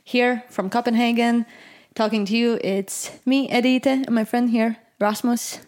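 A woman's voice: a little high, fairly even intonation, measured pace, a little mellow. Hesitant woman podcast host. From Latvia. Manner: hesitant, many fillers and restarts, laughs easily. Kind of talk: casual podcast chat.

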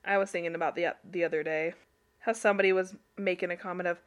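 A woman's voice: fairly low pitch, fairly even intonation, fast talker. A woman co-hosting a casual podcast chat, telling family stories with laughter and acted-out quotes. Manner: laughing, storytelling, acts out quotes.

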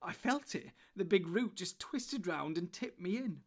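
Dude reading as a worried young hobbit, voice jumps up high and loud. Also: male voice, animated, a little slow, heavily acted. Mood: anxious. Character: young male hobbit, earnest and anxious.

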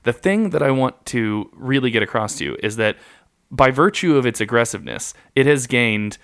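Chatty rambling podcast co-host. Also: male voice, medium pitch, lively intonation, moderate pace, a bit bright, clear, resonant tone. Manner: chatty, rambling, laughs often, fillers. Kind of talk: casual podcast chat.

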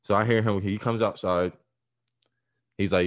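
A man casually telling a story full of profanity, animated and acting out the people in it. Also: lowish voice, moderate pace. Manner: profane, animated, acts out voices and laughs.

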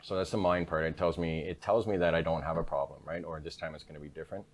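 A man with a very deep voice speaks frankly as an interview guest. His delivery stays level and even, with little rise or fall. He tells his story conversationally and ends many of his sentences with a quick "right?". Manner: frank, repeats "right?" tags.

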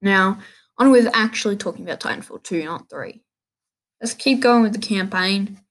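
A woman's voice: medium pitch, moderate pace. A woman hosting a casual solo gaming podcast, rambling and restarting her sentences in an offhand way. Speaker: podcast host.

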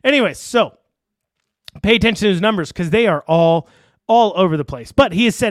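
A man with a high voice rants in a casual online commentary, rambling, restarting sentences and dropping sarcastic asides. He sounds close to a desk mic, with dry sound and no room echo. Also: animated, brisk, long pauses. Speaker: political commentator.

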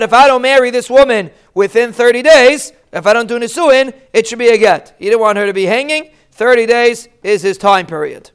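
A man with a high, smooth, resonant voice teaches a Talmud study lesson. He works through the Aramaic line by line in relaxed English, with frequent restarts, and raises his voice when he acts out the quoted speakers.

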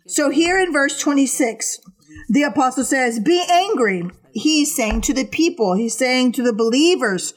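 A woman preaching a sermon, giving earnest exhortations in short repeated commands. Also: high-pitched.

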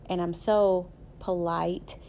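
A woman's voice: lowish voice, level tone, slow pace, warm tone, a little hiss or hum. A woman with a Southern US accent, hosting a podcast and telling personal stories in a chatty, faith-based motivational talk, often checking in with the listener. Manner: chatty storytelling, often asks "right?". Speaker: podcast host.

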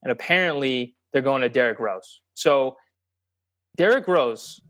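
A man's voice: medium pitch, expressive, a little slow, a bit bright, dry recording. A man co-hosting a sports podcast, talking bluntly and emphatically in casual chat, swearing freely. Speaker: podcast co-host.

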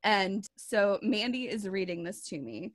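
A woman co-hosting a podcast, chatting casually and exclaiming excitedly. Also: medium pitch, a little slow, no room sound, studio quality. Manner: excitable, exclamatory, says "oh my gosh". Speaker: podcast co-host. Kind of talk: casual chat.

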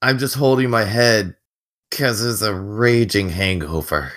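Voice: mid-range voice, a little slow, a bit bright. A player in a tabletop game, chatting casually and joking.

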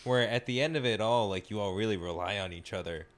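A man with a somewhat low voice in a relaxed podcast conversation. He swears casually and chimes in with short agreeing replies. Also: fast. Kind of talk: casual chat.

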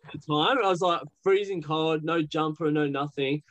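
Australian man, young, slightly higher-pitched voice, candid guest storyteller, loose and rambling. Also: normal speed, a bit bright. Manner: candid, rambling with many "like" fillers. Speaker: podcast guest. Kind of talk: casual storytelling.

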